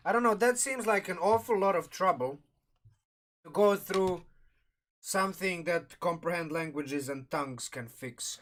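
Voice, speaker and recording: A man's voice: mid-range voice, a bit bright. A man casually reviewing a game sourcebook on a live stream, rambling and thinking aloud with restarts, talking through a mouthful of food. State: eating while talking, mouth full.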